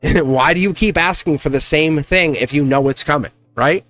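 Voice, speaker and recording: A man giving a live-stream tarot reading, emphatic and animated, laughing often and slipping into a scolding teacher tone. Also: fairly high pitch, a little fast, hardly any pauses, faint music behind. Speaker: tarot reader.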